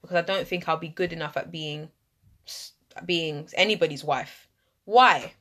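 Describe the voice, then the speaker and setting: Animated woman telling a story. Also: low-pitched, normal speed. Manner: animated storytelling, acting out her inner voice and others' remarks. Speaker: podcast guest sharing a personal story. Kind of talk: casual podcast chat.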